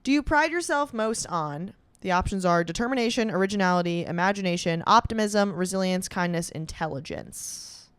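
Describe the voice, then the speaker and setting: A woman's voice: fairly low pitch, lively intonation, moderate pace, a bit bright, clear, resonant tone, no room sound. A young woman chatting casually and reacting as she goes, swearing and laughing often. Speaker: comedian doing a quiz on camera. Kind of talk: casual solo chat.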